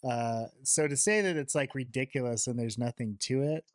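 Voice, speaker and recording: A man's voice: mid-range voice, normal speed, no echo, studio quality. A man hosting a podcast, bantering casually and laughing easily. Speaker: podcast host.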